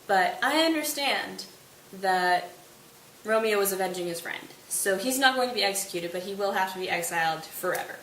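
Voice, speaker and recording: A woman's voice: mid-range voice, animated, normal speed, fairly bright tone, echoey room, distant mic, slight background noise, lightly acted, rough recording. A woman voicing an exasperated male ruler who gives his verdict in casual, slangy words.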